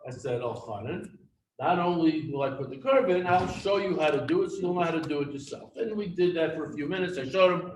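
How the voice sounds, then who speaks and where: A man's voice: fairly high pitch, fairly quick. A middle-aged man telling humorous personal stories at a memorial gathering. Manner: humorous anecdotal storytelling. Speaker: eulogy speaker. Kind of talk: storytelling memorial speech. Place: synagogue hall. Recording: echoey hall from far off with faint noise.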